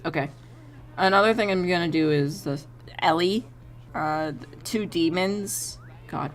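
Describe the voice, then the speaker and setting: Young female streamer, lowish voice, desk mic at home, casual and profane, acts out the people in her stories. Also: a little slow. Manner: swearing, laughing, storytelling, plays the people she quotes. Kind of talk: casual chat while drawing on stream.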